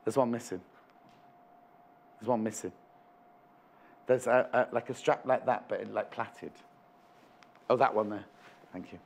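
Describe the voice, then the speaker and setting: A man presenting a live shopping show in a studio, chatty and rambling with jokey asides. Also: on the high side.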